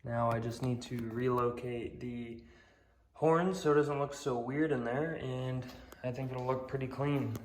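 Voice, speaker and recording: Out of breath in his home garage, a young man vlogs casually about fixing up his car, speaking bluntly, swearing a bit and cracking self-deprecating jokes. His medium-pitched voice is fairly even in intonation and unhurried.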